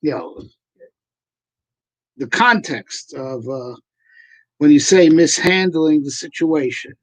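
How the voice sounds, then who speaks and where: A man's voice: on the high side, darkish tone, dry recording, poor audio. A man, a rabbi, answering questions in a casual teaching talk, hesitant with many fillers and frequent "right?" tags.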